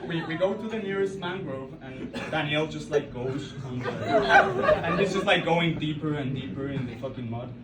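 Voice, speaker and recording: A young man with a Colombian Spanish accent, a native Spanish speaker, telling a stand-up story on a club stage, halting and full of fillers and restarts. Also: a little high, wildly swooping pitch, very noisy. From Colombia (Bogota). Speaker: stand-up comedian. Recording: roomy club sound from far off, loud crowd. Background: audience laughing.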